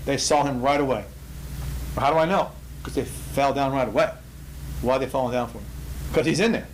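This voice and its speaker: A man teaching a Bible study in an emphatic, animated way, repeating key phrases for effect. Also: medium pitch, fairly quick, slight background noise, poor audio. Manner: emphatic, repetitive, animated storytelling.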